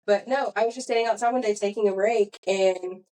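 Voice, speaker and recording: A woman's voice: mid-range voice, steady tone, a little fast, dark tone, low-quality recording. A young woman hosting a podcast, telling a long story in a rambling, self-correcting way. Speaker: podcast host. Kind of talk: casual storytelling chat.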